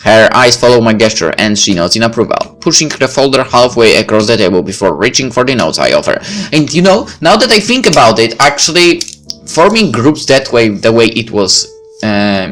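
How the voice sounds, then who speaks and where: A let's play reader reads a visual novel aloud in first person, breaking off between narration for casual asides. His voice is fairly low in pitch with a fairly bright tone.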